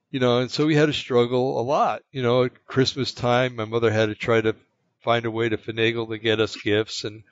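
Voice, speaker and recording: A man from the United States telling a personal story in casual chat, rambling and halting, with many fillers and restarts. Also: mid-range voice, no echo. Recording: dull lo-fi, dry sound.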